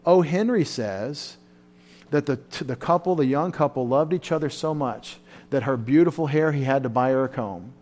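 A man preaching a sermon at a Bible study, fervent and emotional, his voice rising loud and then dropping back. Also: mid-range voice, moderate pace. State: tired. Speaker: pastor.

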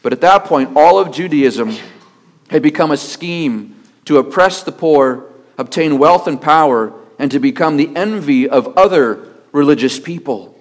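A male pastor preaching a sermon with emphatic delivery, rhetorical questions and steady repetition. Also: on the high side, measured pace.

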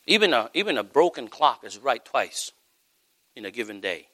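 Male pastor, sermon. Bright, tense tone, lively swooping delivery, emphatic with quiet asides. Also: medium pitch, moderate pace. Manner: animated, emphatic preaching with sudden shouts and soft asides.

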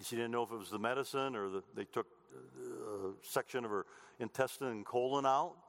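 A man's voice: medium pitch, normal speed, vocal fry, a bit bright. A middle-aged male pastor preaching a sermon earnestly, repeating phrases and restarting as he goes. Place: church sanctuary. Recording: long hall reverb.

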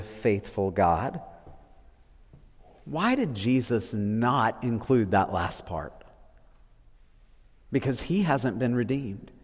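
A man preaching a sermon, swinging from loud declarations to hushed, low lines. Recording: long reverb of a large hall.

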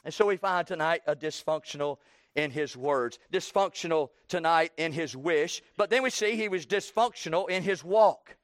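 A man in his sixties preaching a sermon, slowing down for emphasis and breaking into loud acted quotes. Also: on the high side, no echo, studio quality.

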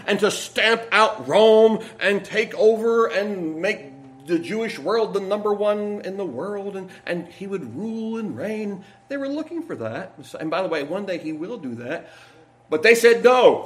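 A man's voice: high-pitched, expressive, normal speed. A man preaching a sermon, reading scripture aloud and putting earnest questions to the congregation. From United States.

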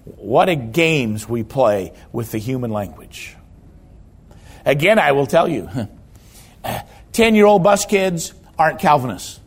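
Slow and husky yet expressive, a man's mid-range voice carries this pastor's sermon. He is an emphatic storyteller who stresses key words by saying them again and again.

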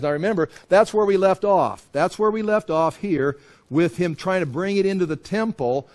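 A man with a somewhat raised pitch walks through a Bible passage verse by verse. He talks in a loose, conversational way, stumbling over and repeating words. He slips into different voices when he quotes people. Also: normal speed, darkish tone. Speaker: Bible teacher.

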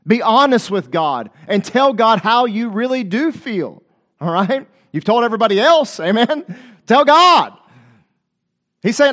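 A male preacher with a fairly high voice delivers a passionate sermon. He speaks straight to his listeners, asks them for an "amen", and acts out the voices of the scripture he quotes. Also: very animated, unhurried, sharp tone.

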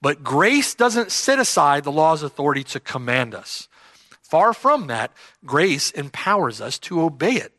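Emphatic high-voiced preacher man. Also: sing-song, a little slow, sharp tone, dry recording. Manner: emphatic, repeats key phrases for stress. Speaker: pastor. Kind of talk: expository sermon.

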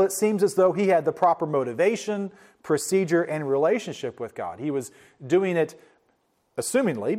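A man preaching a sermon in an earnest, explanatory way, slowing down to stress key words. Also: a little high, darkish tone.

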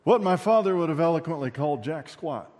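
A middle-aged pastor delivers a sermon in a fairly high voice. He talks to the congregation in a chatty way and keeps asking them questions. His voice jumps from loud, pressing bursts down to quiet, low asides, and a long reverb from the hall trails after every phrase. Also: animated, fairly quick. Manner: conversational, with rhetorical questions to the congregation. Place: church sanctuary.

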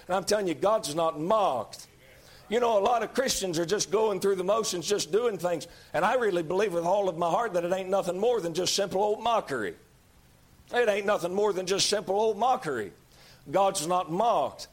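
A man preaching a sermon in a folksy, emphatic way, rising to shouts at times. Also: high-pitched.

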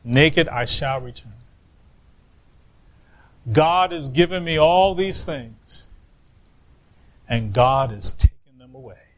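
A man voicing a grieving old man who cries out to God, speaking softly and in a resigned way. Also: lively intonation, slow pace, pauses often, rough recording. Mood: resigned grief. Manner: soft, low, resigned.

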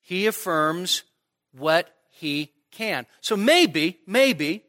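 Man, pastor, expository sermon, slow unhurried delivery, conversational, playful sarcasm. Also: sits high, lively intonation, fairly bright tone. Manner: conversational, asks the audience "right?" and "okay?" often; acts out imagined dialogue with playful sarcasm.

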